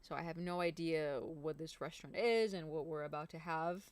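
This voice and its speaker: A woman's voice: deep voice, normal speed, dry recording. A woman singer hosting a live stream, chatting casually and rambling to her viewers.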